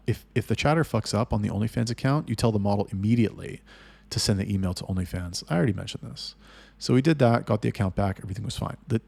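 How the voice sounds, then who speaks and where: A man with a fairly low, gravelly voice talks through a business story in an unscripted monologue. He is blunt and swears constantly, and his voice climbs and gets louder when he replays arguments. The sound is dry and close. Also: no echo. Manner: blunt, heavily profane storytelling; rising loud and heated when retelling arguments. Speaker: agency owner telling business stories. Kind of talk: casual monologue.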